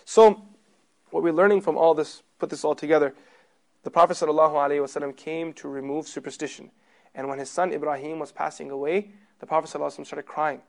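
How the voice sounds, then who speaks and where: A man teaching a religious class in a sermon style, emphatic, putting rhetorical questions to his listeners and moving between loud stress and soft low passages. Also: steady tone, fast talker, vocal fry.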